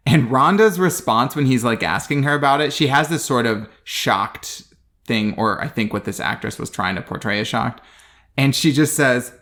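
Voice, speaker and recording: Dry, sarcastic man with a lively voice. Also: medium pitch. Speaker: podcast co-host. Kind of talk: casual comedic movie recap.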